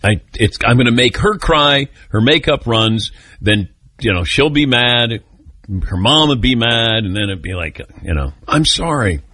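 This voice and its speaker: A middle-aged man hosts a talk radio show, joking at his own expense and trading quick banter with callers and his crew. His voice is bright and animated, rising and falling freely. The studio sound is dry, with no room echo. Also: medium pitch. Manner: joking, self-mocking, quick back-and-forth. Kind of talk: casual talk radio chat.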